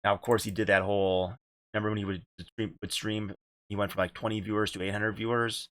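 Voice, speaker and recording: A man's voice: fairly low pitch, little pitch movement, fast, a bit bright. A man hosting a casual gaming podcast, rambling and repeating himself, with casual swearing. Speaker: podcast host and streamer.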